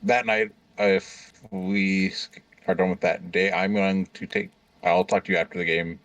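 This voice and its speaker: A man with a very deep voice plays a tabletop game and plans out loud in a rambling, halting way. He sits well back from a dry, dead-sounding mic. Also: lively intonation, gravelly, no echo, recorded from a distance. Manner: rambling, halting planning talk. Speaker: player. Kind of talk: casual tabletop game chat.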